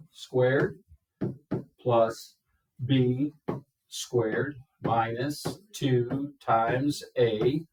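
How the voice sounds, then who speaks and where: A man's voice: medium pitch, background noise. A man teaching a math class, explaining step by step and checking in with his students. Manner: slow, step-by-step, checks in with "okay?". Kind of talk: classroom lecture. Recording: echoey classroom from far off.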